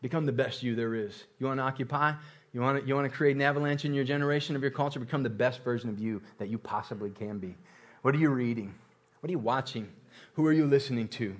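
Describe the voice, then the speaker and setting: A man's voice: medium pitch, fast talker. Man preaching a passionate sermon. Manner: preaching with rising intensity, repeats phrases, laughs. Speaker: pastor.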